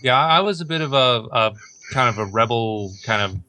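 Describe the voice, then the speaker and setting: A man's voice: medium pitch, lively intonation, moderate pace, sharp tone, no echo. A young man hosting a casual podcast chat, rambling and outspoken, often acting out what others said. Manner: rambling, outspoken, quotes others in put-on voices. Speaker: podcast host.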